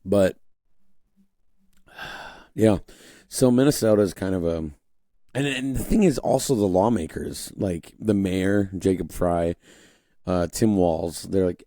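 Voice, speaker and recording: A young man with a low, deeply mellow voice hosts a casual political monologue. He rambles, restarts his sentences and slips into mocking voices to quote people. The sound is close and dry, with no room around it. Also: unhurried, pauses often, no echo. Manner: conversational, rambling with frequent restarts and fillers; mocking put-on voices when quoting others. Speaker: podcast host.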